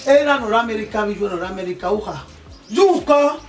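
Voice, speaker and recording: Over soft music, from far off in an echoey room, a woman plays an older mother-in-law, jabbering and teasing in pidgin. Her voice sits at a middling pitch. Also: animated, quick pace, close to an everyday voice.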